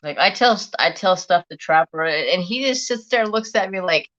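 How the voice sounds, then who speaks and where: A man's voice: sits high, animated, fairly quick, few pauses, sharp tone. A man hosting a craft livestream, chatting casually and bluntly, swearing freely. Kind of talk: casual live-stream chat. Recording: dull lo-fi stream audio.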